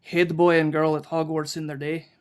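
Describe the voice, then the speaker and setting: A man's voice: fairly high pitch, level tone, moderate pace, clear, resonant tone, lightly acted. Hagrid, a man putting on a hearty Scottish giant. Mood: fond. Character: big gruff male giant groundskeeper.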